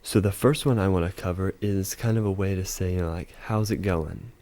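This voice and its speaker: A man teaching a casual video lesson, explaining step by step with frequent fillers and slowly repeating example phrases. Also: sits low, dark tone. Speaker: language teacher.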